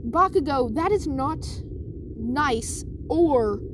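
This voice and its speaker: A woman's voice: high voice, animated, slow, noisy background. A woman voicing a scolding adult male schoolteacher who lectures the class, in a casual spoken story. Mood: stern. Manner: stern, lecturing.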